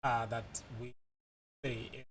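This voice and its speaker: A man's voice: medium pitch, level tone, a bit bright, a little hiss or hum. Casual man from Botswana explaining. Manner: halting, many fillers and restarts. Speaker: language teacher.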